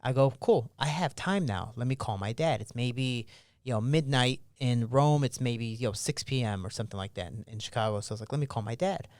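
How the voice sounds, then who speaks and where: Smooth-voiced man telling stories casually. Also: mid-range voice, fairly quick, no room sound, studio quality. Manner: animated, acts out remembered dialogue; casual, slangy. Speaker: podcast guest, pro fighter. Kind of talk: storytelling in a podcast interview.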